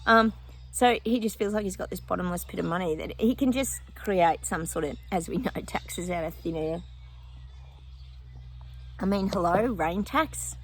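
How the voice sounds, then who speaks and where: A woman's voice: fairly low pitch, moderate pace, husky. A woman psychic vlogging her predictions outdoors in casual chat, often breaking off to talk to her dog.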